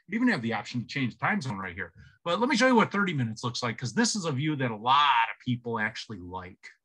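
A man's voice: mid-range voice, bright, forceful tone, husky, low-quality recording. A middle-aged man giving a casual, chatty tutorial and telling a story in an upbeat way, speaking from a home office into a computer microphone. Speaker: productivity trainer.

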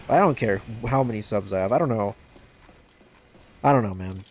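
Excitable man streaming a game. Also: normal speed, faint music behind. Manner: excitable, bursts into high yelps during play; self-deprecating, joking. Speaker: gaming livestreamer. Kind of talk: casual livestream commentary, reading chat.

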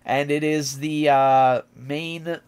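A man's voice: fairly high pitch, steady tone, slow, a little mellow, clear, resonant tone. A man streaming a casual reaction, chatty and enthusiastic as he explains lyrics.

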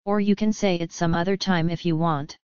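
A woman puts on a proud royal princess of an old storybook court. Her speech is formal, stern and commanding, carried by a very smooth, clear tone that sits a little low. The recording is dry and muffled, with no room around it. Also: fairly even intonation, brisk, a little mellow, no echo, lightly acted.

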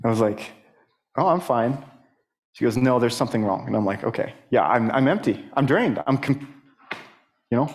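A young man speaking in church, giving a personal testimony sermon in a halting way with many fillers and restarts. He climbs higher and grows more emphatic as he gets stirred. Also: animated.

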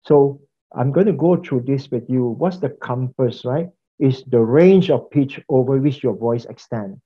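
Husky and mid-range, this man's voice keeps a measured pace as he teaches a class about preaching. The instructor's lecture is conversational, with repeated phrases and questions for students; the lo-fi audio is slightly dull.

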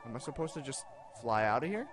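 A young man commenting on his own gameplay, excitable, self-mocking, and given to shouting at the game. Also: medium pitch, fast talker, music in the background. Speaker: gaming video host. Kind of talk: let's play commentary.

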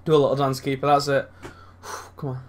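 A young man commentating on his own football video game match, sweary and excitable, swinging from low mutters to loud outbursts. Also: a little fast, slight background noise. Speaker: gaming YouTuber.

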